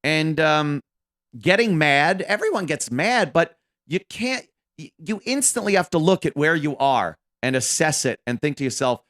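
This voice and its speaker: A man's voice: fairly high pitch, big pitch swings, moderate pace, a bit bright. A man in his fifties, a radio co-host, talking casually with profane, rambling, self-deprecating asides. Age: 50s. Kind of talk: casual monologue about his career.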